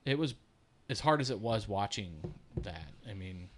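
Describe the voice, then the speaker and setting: A lowish-voiced man, cohosting a casual podcast. He tells long, rambling family stories full of swearing. He gets loud and laughing at the funny parts and drops low and quiet when he turns reflective. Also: lively intonation, normal speed, slight background noise. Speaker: podcast co-host. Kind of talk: casual storytelling chat.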